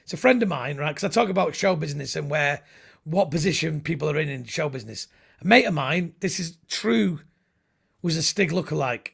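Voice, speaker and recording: A man's voice: on the high side, expressive, brisk, gravelly, a bit bright, breathy edge. A middle-aged man, a comedian, chatting casually and telling rambling, jokey stories with little comic voices. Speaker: comedian guest. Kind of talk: casual chat.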